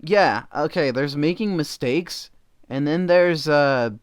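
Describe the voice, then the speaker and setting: A man talks through a reaction video in casual commentary. His voice is smooth and clean, and the sound is dry and close. He is blunt and swears often. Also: a little high, slow pace, no echo. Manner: blunt and profane, with many fillers.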